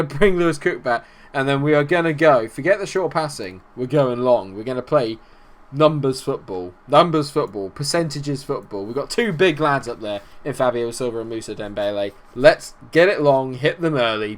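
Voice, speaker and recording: A young man commentating his own football management game, exasperated, swinging from low muttering to shouting at his players. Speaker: gaming YouTuber. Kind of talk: let's-play commentary.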